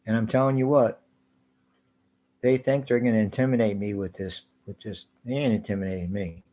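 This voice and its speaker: A man's voice: on the low side, fairly even intonation, fairly quick, mellow. A man in an agitated, swearing, rambling rant. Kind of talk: angry profane rant.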